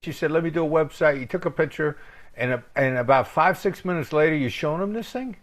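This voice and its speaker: A man's voice: a little high, quick pace. A man co-hosting a casual chat, responding and asking follow-up questions. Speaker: podcast co-host.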